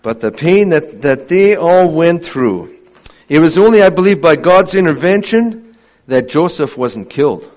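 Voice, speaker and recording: An earnest male preacher delivering a sermon, with a voice set a little higher than most men's. He keeps asking the congregation rhetorical questions and sinks to a hush to drive points home. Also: lively intonation, unhurried. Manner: earnest, many rhetorical questions, drops to a hushed voice for emphasis.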